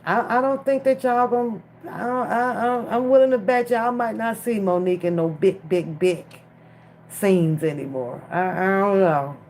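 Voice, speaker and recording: A woman's voice: mid-range voice, moderate pace, a little mellow, slight background noise. A woman chatting casually on a live stream from her phone, talking straight to the viewers in chat. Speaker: livestream commentator.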